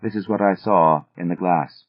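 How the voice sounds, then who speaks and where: A man's voice: low-pitched, moderate pace, dry recording. Man narrating a horror audiobook, tinny. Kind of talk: first-person audiobook narration. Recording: thin phone-like audio, dry.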